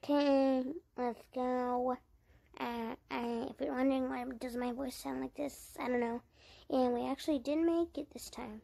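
A woman's voice: high voice, steady tone, moderate pace, vocal fry, mellow. A woman giving casual let's-play commentary, narrating her own moves and chatting to her viewers. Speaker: gaming channel creator.

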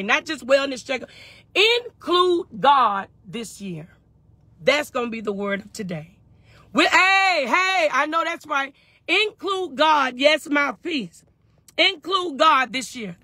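A faith and wellness livestream host speaks fervently on a phone live stream from her parked truck, answering viewers' comments in call-and-response. Her voice sits high, bright and forceful, in a dry recording.

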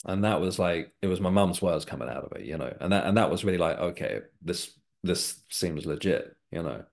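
Guy, really low voice, calm and reflective, chatting as a guest on an interview. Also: vocal fry. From England. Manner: reflective, unhurried, sincere. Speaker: guest, author and developing medium. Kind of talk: personal storytelling in a casual interview.

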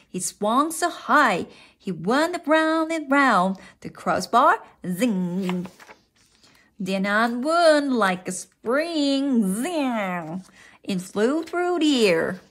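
Woman reader, picture book read-aloud, slow, lively, fairly high voice. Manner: slow, expressive read-aloud with sound effects. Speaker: storybook reader.

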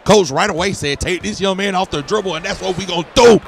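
A young man giving excited, slangy commentary over his basketball video game, hollering at big plays. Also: sits high, quick pace, creaky, a little hiss or hum. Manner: casual slangy talk. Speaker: gaming YouTuber. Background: game music.

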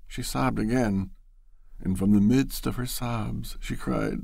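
A man narrating a classic story in an expressive, storytelling manner. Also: mid-range voice, slow pace, vocal fry, no room sound.

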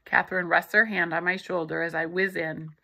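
A woman reading a novel aloud in the first person, in a steady storytelling manner. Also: fairly low pitch, brisk, gravelly, poor audio. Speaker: audiobook narrator.

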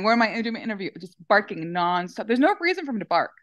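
A middle-aged woman chatting in an interview, telling animated stories with lots of fillers. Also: medium pitch, quick pace, no echo, muffled recording. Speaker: dog owner guest. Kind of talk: casual interview chat.

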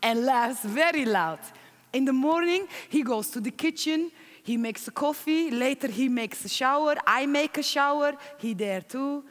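A woman performing a stage monologue as an immigrant woman, speaking slow, broken English in a reverberant conference hall. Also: high voice, lively intonation. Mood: wistful. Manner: broken English, plain storytelling. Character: Turkish immigrant woman recounting her marriage. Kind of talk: theatrical monologue.

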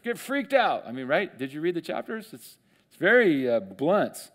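Animated man teaching the Bible. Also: fairly high pitch, moderate pace. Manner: conversational, animated, acts out quotes with voices. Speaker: pastor. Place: church sanctuary.

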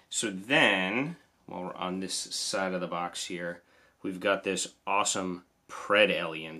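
A man's voice: sits low, bright, forceful tone. A man with a New Jersey accent casually reviewing toy figures, chatty and enthusiastic. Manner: enthusiastic, chatty, lots of "awesome".

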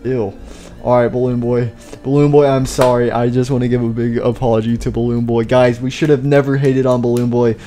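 A man's voice: mid-range voice, level tone, fairly quick, mellow, a little hiss or hum. A young man giving rambling, jokey gameplay commentary for his channel, with playful mock-mournful speeches and lots of filler. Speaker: gaming YouTuber.

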